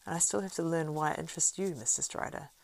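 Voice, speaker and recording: Woman voicing a wary young hobbit lad, curt and suspicious, lowish gravelly tone. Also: quick pace. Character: wary young male hobbit, sharp and proud.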